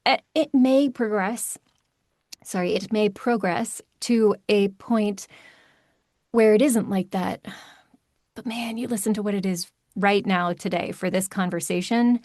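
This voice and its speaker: A woman who narrates audiobooks talks in a podcast interview, animated and emphatic, throwing in quick asides. Her pitch is medium, and the audio is studio quality with no echo.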